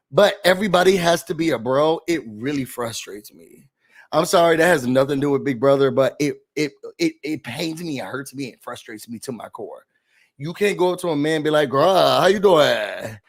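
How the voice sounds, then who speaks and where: A man hosting a casual reality show recap, sassy and animated, mocking the people he talks about. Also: on the high side.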